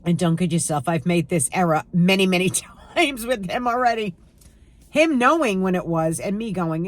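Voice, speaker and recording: A woman's voice: fairly low pitch, animated, moderate pace. A woman in her sixties chatting casually to camera at home, sarcastic and emphatic as she tells stories. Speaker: lifestyle vlogger.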